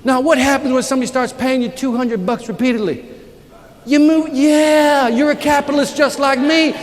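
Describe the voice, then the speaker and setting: A man giving an energetic sales keynote, telling jokes and stories and calling out to the audience. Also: extremely high pitch, moderate pace. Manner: lively, joking, calls out to the audience. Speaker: motivational sales speaker. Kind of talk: energetic keynote speech with storytelling. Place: conference hall before a live audience. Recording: echoey hall, audience, faint background noise.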